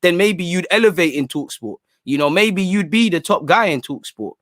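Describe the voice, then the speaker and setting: Young man, livestream host, slangy and excitable banter, slightly high voice, dry close sound. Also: moderate pace, dry recording. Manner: animated, slangy banter with frequent "man" and "bro". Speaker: fan channel livestream host. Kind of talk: casual livestream chat.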